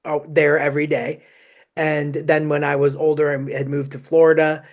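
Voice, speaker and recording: A man with a fairly high voice hosts a podcast conversation. He talks chattily, with loose sentences and lots of fillers. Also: flat delivery, moderate pace. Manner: chatty, full of "you know" fillers. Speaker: podcast host.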